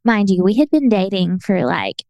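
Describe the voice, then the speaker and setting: A young woman co-hosting a podcast, spinning a story with lots of "like" and quick laughs. Her pitch stays in a middle range, and the sound is dry and close to the mic. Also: no echo. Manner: animated, laughing, filler-heavy storytelling. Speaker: podcast co-host. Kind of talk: casual storytelling chat.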